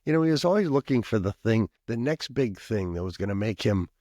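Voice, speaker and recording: Low-voiced minnesota pastor guy rambling through an old story, keeps coughing, dry sound. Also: expressive, brisk, a little mellow, dry recording. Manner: rambling, with frequent coughs and asides. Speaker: pastor and professor, podcast guest. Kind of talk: conversational storytelling.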